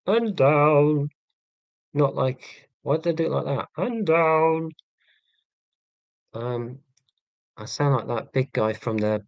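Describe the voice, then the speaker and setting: Guy on a live stream, super flat monotone, deadpan jokes, dry sound no room echo. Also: medium pitch. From England. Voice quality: monotone delivery. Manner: dry, self-deprecating humour. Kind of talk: casual live-stream chat.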